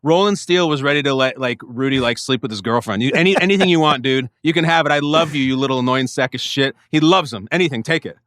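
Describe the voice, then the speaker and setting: A man talking in an animated, joking way on a podcast, often swearing. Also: medium pitch, quick pace, few pauses, dry recording. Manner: animated, profane, jokey. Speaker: podcast guest. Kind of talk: casual chat.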